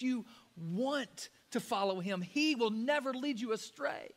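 A man preaching with a very high-pitched voice. He talks to the congregation casually, dropping to near-quiet and then rising to loud, fervent peaks. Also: animated, a little slow. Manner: preaching with sudden loud rises and soft drops; conversational, addresses listeners as guys. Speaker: pastor. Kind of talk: sermon.

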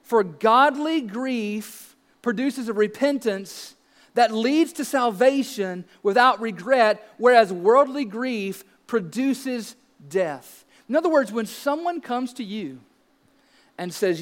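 A man's voice: extremely high pitch, animated, takes it slowly, long reverb tail. A man in his thirties preaching a sermon as pastor, earnest and emphatic, asking rhetorical questions.

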